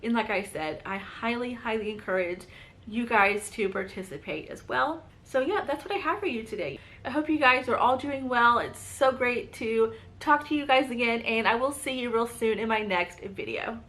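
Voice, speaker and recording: With a light Southern US lilt, a woman who runs a book channel talks casually to camera about what she's been reading. At a normal speed, her voice is on the high side and a bit bright, bubbly and chatty, peppered with "like" and "you guys".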